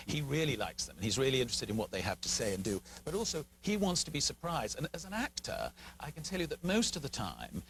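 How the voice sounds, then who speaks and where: A man's voice: medium pitch, poor audio. A man speaking as an actor guest in an interview, thoughtful and earnest. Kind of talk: interview answer.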